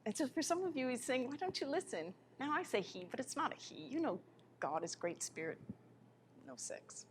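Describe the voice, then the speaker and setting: A woman giving a live spiritual lecture in an impassioned way, her voice swinging between soft, quiet passages and sudden loud ones. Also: high voice, sing-song, moderate pace, slight background noise.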